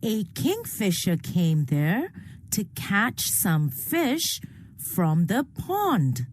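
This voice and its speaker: A woman teacher with an Indian English accent narrating bird facts for young children, slow and clear. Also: medium pitch, wildly swooping pitch, a little mellow, no echo.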